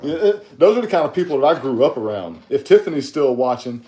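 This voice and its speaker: A man from South Carolina, co-hosting a podcast, chatty and quick to laugh. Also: medium pitch, sing-song, crowd noise. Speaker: podcast co-host. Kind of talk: casual chat. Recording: roomy echo.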